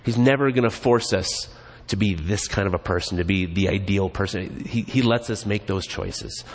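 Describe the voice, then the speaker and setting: A man's voice: low-pitched, moderate pace. A man preaching a casual, joking, conversational sermon in a church sanctuary. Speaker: pastor. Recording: long reverb in a church hall.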